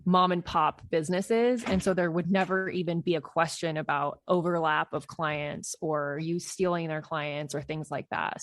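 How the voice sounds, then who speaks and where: Woman podcast host in her thirties, lowish voice, close dry mic, relaxed advisory chat. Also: no echo. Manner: conversational, laughs often, advisory. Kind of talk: casual Q&A podcast advice.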